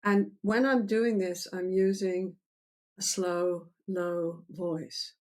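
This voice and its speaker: Her voice is lowish and her pace slow as this older woman therapist explains her approach in an interview. She stays animated throughout, acting out client-therapist dialogue.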